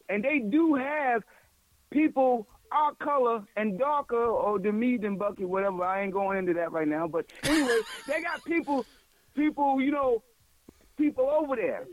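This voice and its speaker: High-voiced man on a profane rant. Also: moderate pace, no room sound, highs cut off. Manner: loud, profane ranting. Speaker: podcast co-host. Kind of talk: casual podcast banter.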